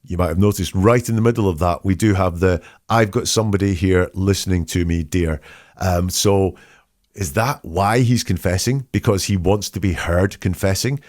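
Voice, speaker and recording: Low-voiced man analysing statements. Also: darkish tone, dry recording, clean studio sound. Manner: measured, questioning, reads quotes aloud. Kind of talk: analytical commentary.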